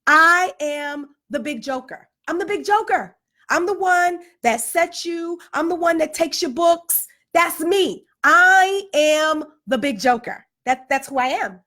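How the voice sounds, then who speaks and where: A woman's voice: very high-pitched, expressive, unhurried, bright, forceful tone. A woman telling a story as a parent, emphatic and repetitive, hammering her points home. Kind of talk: casual storytelling monologue.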